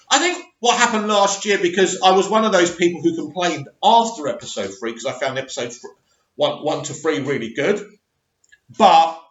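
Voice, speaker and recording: A man giving an opinionated, animated review of a TV episode and talking straight to his viewers. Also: high-pitched. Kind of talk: casual reaction review. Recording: echoey, slightly dull recording.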